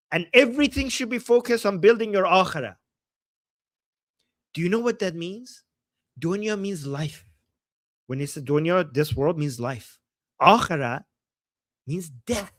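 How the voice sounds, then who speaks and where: A man from Iran, hosting a livestream and talking in a heated, profane way that often rises to shouting. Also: high voice, no echo. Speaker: host. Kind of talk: livestream commentary.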